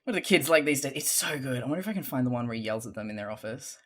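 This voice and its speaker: A streamer chatting casually and reading fanfiction, gushing and excitable, with frequent swearing. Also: mid-range voice, very fast.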